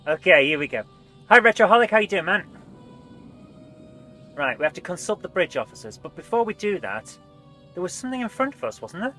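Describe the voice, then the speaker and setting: A woman's voice: fairly low pitch, sing-song, fairly quick, long pauses, fairly bright tone, soft background music. A woman streamer chatting casually over live gameplay while fighting a cold, reading game text aloud in playful voices. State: has a cold.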